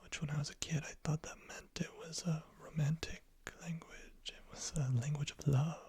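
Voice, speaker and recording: A man giving a whispered ASMR lesson into a close microphone, speaking gently and patiently and repeating each word softly. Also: a little high, flat delivery, normal speed. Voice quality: whispered, breathy. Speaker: ASMR creator teaching French words.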